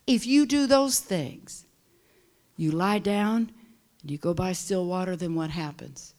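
A woman preaching a sermon who swings between loud, shouted passages and hushed whispers. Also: on the low side, measured pace.

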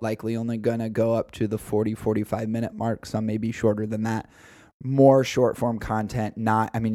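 Mellow, low-voiced male podcast host. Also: dry recording, studio quality. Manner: talkative, plans the show out loud. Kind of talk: casual podcast chat.

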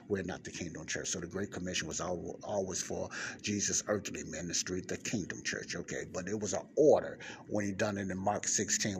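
A man teaching the Bible in casual podcast form, reading from a book, then digressing to explain, repeating points and checking in with listeners with "okay?". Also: sits low. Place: public library area with passing cars. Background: faint ambient noise.

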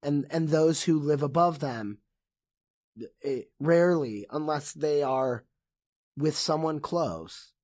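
A man talking as a podcast guest in casual chat, impassioned and excitable, swearing often. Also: on the high side, slow pace, no room sound.

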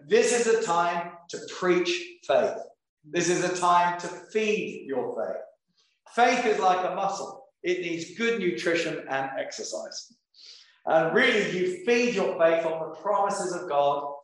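Male pastor with a high voice, slow deliberate scripture reading and chatty asides, recorded in a very echoey room. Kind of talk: sermon.

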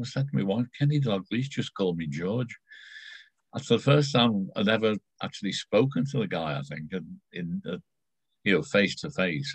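A middle-aged man telling stories casually, rambling and halting with many fillers and restarts. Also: low-pitched, breathy edge, dry recording, poor audio. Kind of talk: casual storytelling.

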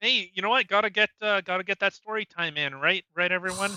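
A man's voice: sits high, fast, pushed and bright, clear, resonant tone, dry recording, lo-fi sound. A man co-hosting a casual podcast, crude and joking, laughing often. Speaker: podcast co-host.

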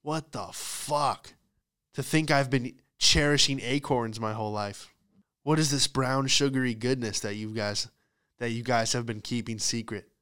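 A man voicing a squirrel amazed by sugary human food, speaking in a hushed, incredulous way. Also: mid-range voice, measured pace, smooth, close to an everyday voice.

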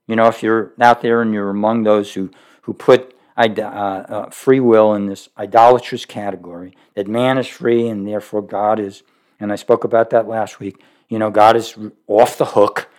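A man preaching a sermon, emphatic, asking rhetorical questions and slowing down to read scripture aloud. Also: lowish voice.

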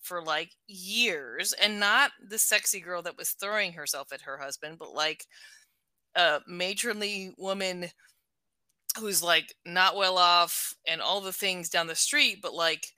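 A middle-aged woman talking casually about a book, animated, laughing often and full of "like" fillers. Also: lowish voice, a little slow, clean tone, no echo.

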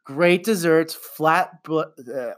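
A middle-aged man chatting casually on a podcast, animated and quick to laugh, with some swearing. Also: a little high. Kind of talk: casual chat.

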